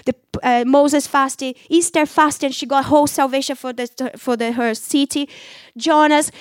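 A woman's voice: high-pitched, no room sound, clean studio sound. A woman giving an emotional personal faith testimony, talking animatedly in conversational English with non-native phrasing.

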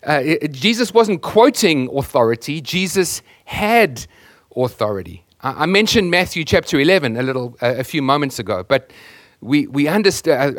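Man, pastor, sermon, emphatic, repeats words, slightly high voice, very animated pitch. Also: dry recording, clean studio sound. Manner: earnest, emphatic, repeats words while searching.

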